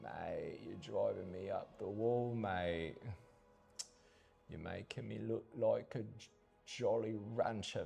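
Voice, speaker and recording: A man's voice: mid-range voice, creaky, warm tone, slightly rough, heavily acted. A man putting on a theatrical mock-British accent as a cheeky, indignant bloke during a painting stream. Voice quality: exaggerated, sing-song delivery.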